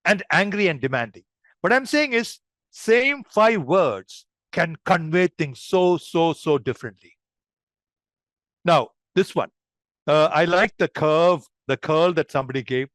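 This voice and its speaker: A man's voice: high-pitched, very animated, moderate pace, a bit bright, no room sound, studio quality. A man leading an online public speaking workshop, demonstrative and addressing the group as friends.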